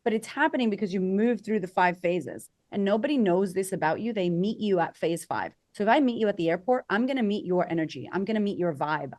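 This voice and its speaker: A woman coaching as a podcast guest, energetic and conversational, acting out quoted voices for emphasis. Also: mid-range voice. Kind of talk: conversational interview.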